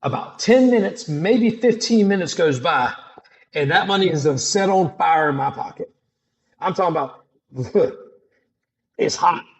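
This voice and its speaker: A middle-aged man tells his testimony in loose, slangy everyday talk. His voice sits a little high and swings widely up and down as he dramatizes each moment. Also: measured pace, pauses often. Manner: animated, dramatic, casual slangy speech. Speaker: storyteller sharing a testimony. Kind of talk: personal testimony storytelling.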